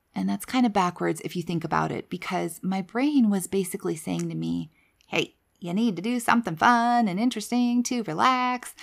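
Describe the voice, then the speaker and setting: A woman podcaster tells her own story in a candid, reflective, conversational way. Her voice sits low for a woman and has a gravelly edge.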